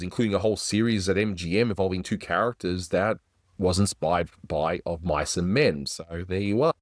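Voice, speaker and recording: A man hosts a casual review of classic cartoons, chatty and enthusiastic. His voice is low. The recording is dry and close. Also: dry recording. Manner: enthusiastic, chatty, does little voice impressions. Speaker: animation reviewer host.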